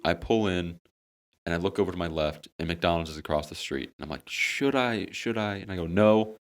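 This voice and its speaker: A young man co-hosting a casual podcast with friends tells a funny story full of swearing, delivered with animated, dramatic comic flair. His voice is low and a little fast, with slight background noise behind it.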